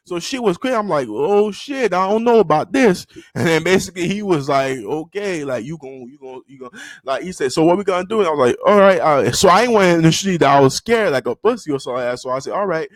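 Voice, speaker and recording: A young man telling a story to camera in a loose, slangy way, full of fillers and restarts, and breaking into high-pitched yelps when he acts out quotes. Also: expressive, fast talker, no room sound. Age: young adult. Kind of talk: casual storytime.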